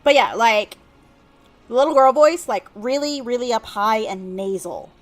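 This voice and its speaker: A woman's voice: on the high side, lively intonation, a little slow, soft background music. A woman streamer giving casual, rambling gameplay commentary full of fillers. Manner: chatty, rambling, with many fillers.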